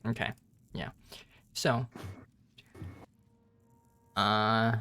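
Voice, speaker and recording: A man running a tabletop game on a stream, narrating in an unhurried way with many pauses and fillers. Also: fairly low pitch, level tone, pushed and bright, a little hiss or hum. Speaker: game master.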